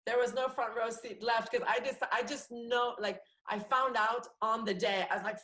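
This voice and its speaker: A young woman comedian from France with an international English accent, chatting on a podcast, lively with many fillers and restarts. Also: on the high side, normal speed, hardly any pauses, rough recording. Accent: international English, no French accent. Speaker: comedian and actress guest. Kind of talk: casual podcast chat.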